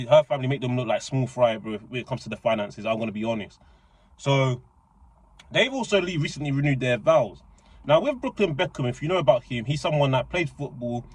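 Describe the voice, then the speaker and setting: Excitable rambling young man. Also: medium pitch. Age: young adult. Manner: excitable, rambling, full of slang and restarts. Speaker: reaction channel host. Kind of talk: casual commentary.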